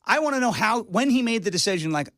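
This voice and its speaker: Excitable man guest, slightly high voice. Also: fast, no room sound, studio quality. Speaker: guest, comedian and impressionist. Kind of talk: casual interview chat.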